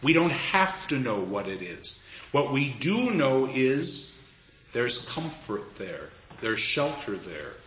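An animated man gives a literature lecture, firing off rhetorical questions and then dropping to a near hush. The recording is roomy and a little dull. A faint background hiss runs under it. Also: medium pitch, slow pace. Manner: animated, rhetorical questions, dramatic emphasis, drops to a hush for readings. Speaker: lecturer on poetry.

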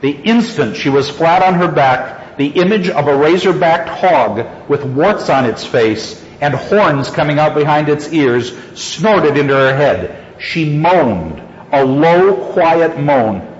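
A man lectures on a story, reading passages and then explaining them in a slow, deliberate way. His voice sits a little high. The recording is dull and lo-fi, with a long echo from a large hall. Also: expressive, slight background noise. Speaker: literature teacher. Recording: echoey hall, dull lo-fi sound.

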